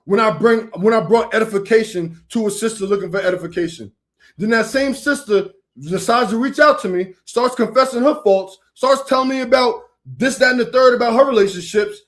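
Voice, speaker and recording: A man's voice: sits high, fairly quick, fairly bright tone. A man talking in an informal vernacular, ranting confrontationally on a livestream and calling out a rival directly, repeating himself. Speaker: online preacher. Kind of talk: heated livestream rant.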